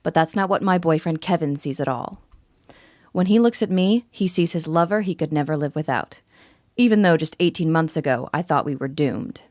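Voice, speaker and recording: A woman's voice: deep voice, expressive, normal speed, darkish tone, no room sound, clean studio sound. A woman in her forties narrating a scripted first-person sales story in an intimate, confiding way. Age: 40s.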